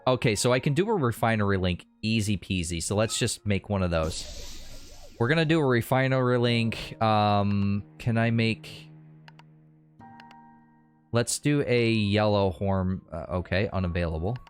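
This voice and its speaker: A man's voice: lowish voice, a little slow, soft background music. A man hosting a gaming video, talking his game through casually and thinking aloud. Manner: relaxed, thinking aloud, with restarts and laughs.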